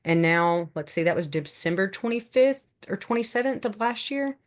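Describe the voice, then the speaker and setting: A woman's voice: mid-range voice, animated, normal speed. A middle-aged woman giving an emotional, earnest faith testimony, telling her story with laughs and asides. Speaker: guest sharing faith testimony. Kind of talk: personal testimony talk.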